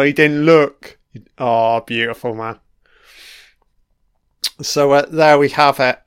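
Unhurried, clear-voiced man swearing casually. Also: mid-range voice. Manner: relaxed, emotional, fan-like enthusiasm. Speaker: podcast commentator. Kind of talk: casual audio commentary.

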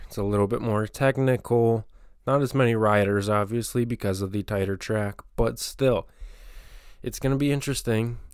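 Smooth, low-voiced man rambling casually. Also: no room sound, studio quality. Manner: rambling, conversational, frequent fillers and restarts. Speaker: motocross channel host. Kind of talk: casual solo commentary.

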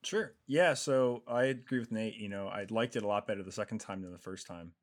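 Man, Boston accent, podcast host, lowish voice, casual swearing banter. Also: a little fast. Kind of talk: casual chat.

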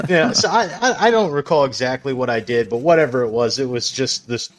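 Male podcast co-host, mid-pitched, crude storyteller, laughs a lot. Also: animated, normal speed, a crowd in the background. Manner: laughs often while telling stories, crude and profane. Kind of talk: casual storytelling. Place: small studio room.

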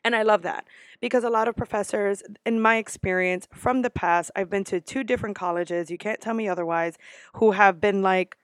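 A woman's voice: medium pitch, normal speed, no echo. A young woman college student vlogging casually, telling stories bluntly and swearing freely. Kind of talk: casual vlog rant.

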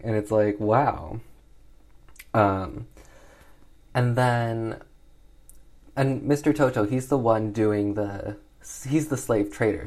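A man's voice: lowish voice, darkish tone. A young man casually recapping an old comedy film in a rambling way, full of "like" and "um" fillers. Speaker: film reviewer.

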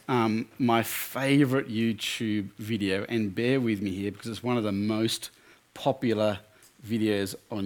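Animated male camp speaker. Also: medium pitch. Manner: animated storytelling with many restarts. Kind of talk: sermon talk.

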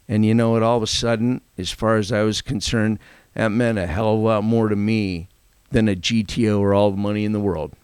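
Guy on a podcast telling a touching story, kinda low voice, dry mic. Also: steady tone, a little fast, darkish tone, smooth, no room sound. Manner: earnest, reflective storyteller. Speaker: podcast guest. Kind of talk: storytelling anecdote.

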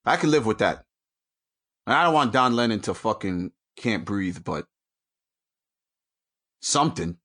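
A man's voice: lowish voice, animated, unhurried, long pauses. Ranting profane New man. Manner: angry, profane, swings from shouting to mutters. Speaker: podcast host. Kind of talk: profane solo rant. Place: at home.

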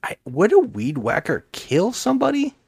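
A man's voice: high voice, huge pitch swings, moderate pace, gravelly, a little mellow, slightly rough, no echo, studio quality. A man co-hosting a podcast, casually recapping a movie plot with lots of hesitant restarts. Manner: rambling, hesitant storyteller with many restarts. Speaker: podcast co-host.

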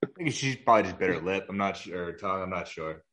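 A man co-hosting a casual podcast, easygoing and halting with lots of fillers. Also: low-pitched, animated, a bit bright. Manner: easygoing, lots of likes and hesitations. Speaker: podcast co-host. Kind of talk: casual chat.

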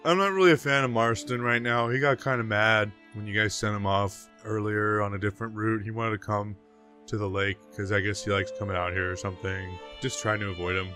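A man's voice: lowish voice, steady tone, a little fast, bright, forceful tone, soft background music. A man playing a tabletop game, rambling and talkative in character. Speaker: player. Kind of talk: casual tabletop role-play.

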